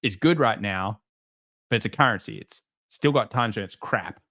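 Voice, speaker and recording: A man hosting a live market stream, reading viewer comments and answering them with sarcastic jokes and animated stories. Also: fairly low pitch, moderate pace. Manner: sarcastic, joking, animated storytelling.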